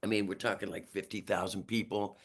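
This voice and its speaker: A man's voice: on the low side, brisk, gravelly. Rambling man in his sixties. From New York, USA. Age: 60s. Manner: lively, rambling, chuckles often, restarts sentences. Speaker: guest musician. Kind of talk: casual storytelling interview.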